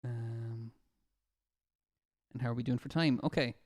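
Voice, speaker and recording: A man's voice: mid-range voice, steady tone, measured pace, a little mellow, no room sound, studio quality. A man with an Irish accent, a music therapist, chatting casually on a live stream and reading out viewer comments with easy laughter. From Ireland. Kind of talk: casual chat to a live stream audience between songs. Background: acoustic guitar.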